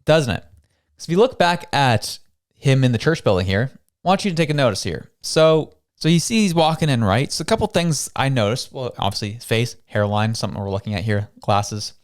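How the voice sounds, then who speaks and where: A man from Canada hosting a show, giving casual news commentary in a conversational way, full of rhetorical questions. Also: medium pitch. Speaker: show host.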